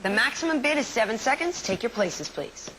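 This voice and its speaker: A woman's voice: a little high, lively intonation, brisk, low-quality recording. A woman hosting a TV game show, chatty and upbeat, laughing easily and stressing words in a sing-song way.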